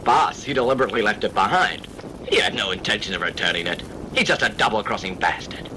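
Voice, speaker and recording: A man's voice: fairly low pitch, lively intonation, quick pace, close to an everyday voice. An actor dubbing a gloating male henchman with a Cockney accent, taunting a captive. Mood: sneering. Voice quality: taunting, mocking tone. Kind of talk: dubbed film dialogue. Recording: film audio with clear background noise.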